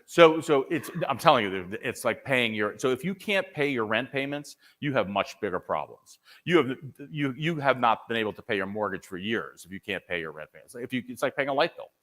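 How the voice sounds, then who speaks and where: A man's voice: fairly quick, hardly any pauses. A man giving a live conference presentation and taking audience questions, talking energetically with many restarts and repeated words. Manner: energetic, repeats and restarts often, conversational pitch. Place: conference hall.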